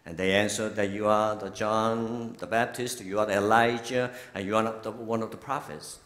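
A man's voice: lowish voice, fairly even intonation. A man in his sixties with a Korean accent, a bishop telling stories in a sermon, often laughing. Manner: warm storytelling, laughing often, slow and deliberate. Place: large church sanctuary. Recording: long hall reverb from a church.

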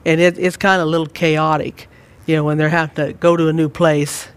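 A man leading a church Bible study, talking gently and rambling with many fillers. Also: a little high, flat delivery, a little fast, clean tone. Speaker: church teacher.

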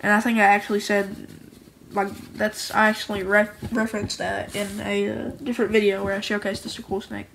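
A woman's voice: medium pitch, flat delivery, a little fast, gravelly, slight background noise, low-quality recording. A woman who makes her own card game, casually and cheerfully going through each card, rambling and often restarting her sentences. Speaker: homemade card game creator.

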